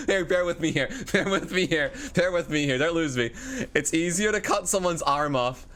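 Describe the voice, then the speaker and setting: A man's voice: mid-range voice, a bit bright. A man giving playful, joking commentary on a video game as a streamer. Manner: playful, joking, laughs often.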